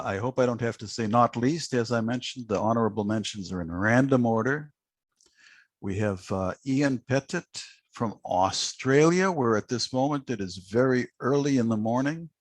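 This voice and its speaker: A man hosting a poetry prize ceremony on a video call, joking gently and reading a poem aloud. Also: medium pitch, no room sound. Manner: unhurried, gently joking, with frequent uh fillers. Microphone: video call microphone.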